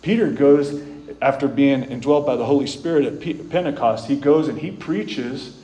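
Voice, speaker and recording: A man preaching a sermon, retelling scripture stories in an earnest way, rising loud and bold, then dropping soft and slow. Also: medium pitch. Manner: earnest storytelling, swings between loud bold stretches and soft slow ones. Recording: echoey room with faint ambience.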